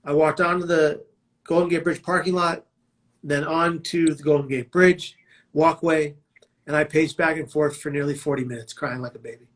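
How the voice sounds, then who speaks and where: A man's voice: fairly high pitch, fairly even intonation, moderate pace. A man telling his own life story as a prevention speaker, in a vivid, dramatic way with emphatic quoted lines. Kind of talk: personal storytelling talk.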